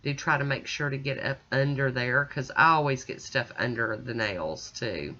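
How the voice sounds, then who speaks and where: A woman's voice: a bass voice, normal speed, pushed and bright. A woman chatting casually as she narrates a nail art tutorial voice-over, folksy and self-deprecating. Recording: slightly dull lo-fi audio.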